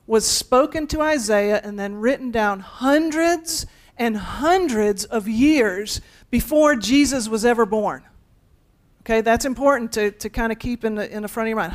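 Woman pastor, casual sermon, conversational, playful asides. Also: fairly high pitch.

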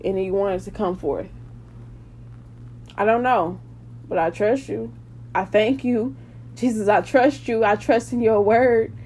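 A woman's voice: on the high side, a little mellow, a little hiss or hum. A woman, hosting a preaching podcast and praying aloud with fervent emphasis. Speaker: podcast host.

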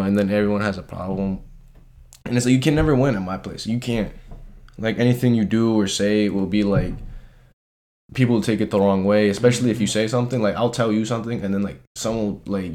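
A man's voice: lowish voice, fairly quick, a little mellow. A young man in casual chat as a podcast co-host, venting about work in slangy, profane talk full of "bro" and "like".

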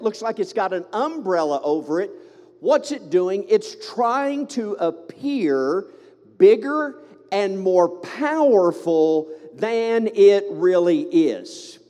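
A man's voice: high-pitched, darkish tone, in a large hall. A man with a Southern American accent preaching a fervent sermon on a microphone, mixing joking asides with the congregation into his preaching. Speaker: pastor. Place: church sanctuary.

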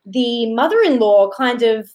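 A woman guesting on a casual movie review chat over an online call, chatty and quick to agree. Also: a little high, animated, darkish tone. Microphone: own mic on an online call.

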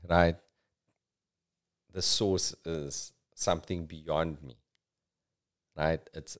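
A man's voice: sits low, darkish tone. A South African man giving casual, reflective commentary as a podcast host, full of "you know"s.

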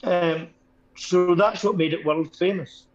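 Guy guesting on a podcast, higher voice, muffled lo-fi audio, talks dry and long-winded. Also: fairly even intonation, a little slow. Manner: dry, wordy, analytical. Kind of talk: casual chat.

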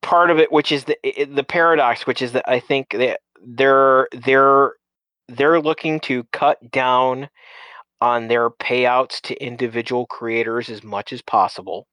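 A man's voice: medium pitch, fairly even intonation, unhurried, fairly bright tone, clean tone, dry recording, poor audio. A man in casual chat who rambles, restarting and repeating words often.

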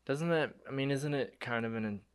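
A man's voice: mid-range voice, normal speed, clear, resonant tone. A man co-hosting a podcast, chiming in with brief, teasing questions and remarks. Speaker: podcast co-host. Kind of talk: casual podcast chat.

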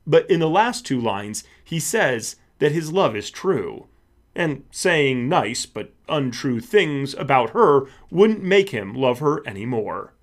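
Slow, lively male lesson narrator. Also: medium pitch. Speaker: podcast host. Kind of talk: scripted educational narration for kids.

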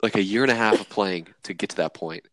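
A man's voice: fairly low pitch, quick pace, no echo. A young man co-hosting a casual podcast, telling stories with a laugh and acting out quotes. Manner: laughing, animated storytelling with acted quotes. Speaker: podcast co-host.

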